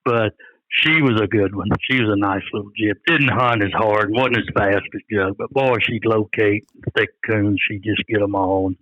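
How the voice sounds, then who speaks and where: A man's voice: fairly low pitch, moderate pace, no room sound, highs cut off. An older man telling rambling, folksy stories in an interview, often quoting what others said. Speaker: guest, coon hunter. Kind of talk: storytelling in an interview.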